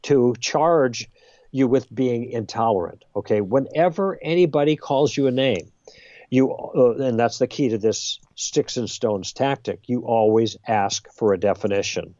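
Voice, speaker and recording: A man guest on a podcast, explaining ideas in a lively conversational way and acting out exchanges. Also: medium pitch, dry recording, highs cut off. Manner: lively, role-plays exchanges with emphasis. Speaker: guest author.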